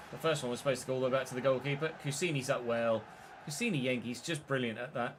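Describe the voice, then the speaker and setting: A man's voice: mid-range voice, fast talker, a little hiss or hum. A man giving live, mock match commentary while playing a football game, swearing when frustrated.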